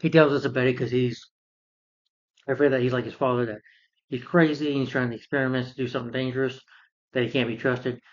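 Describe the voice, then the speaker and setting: A man's voice: medium pitch, steady tone, fast, lo-fi sound. A man casually recapping a film in a rambling rant, full of fillers and sarcastic asides. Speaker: film reviewer.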